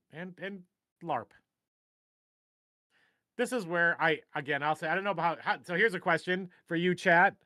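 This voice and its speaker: A man's voice: fairly high pitch, pushed and bright, dry recording, clean studio sound. Joking middle-aged male stream host. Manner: rambling, joking, self-deprecating. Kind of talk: casual live-stream chat.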